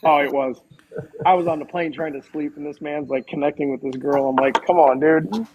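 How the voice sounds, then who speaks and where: A man guest on a podcast, casually telling animated stories and quoting others, with many fillers and restarts. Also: a little high, a little fast, lo-fi sound. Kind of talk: casual storytelling.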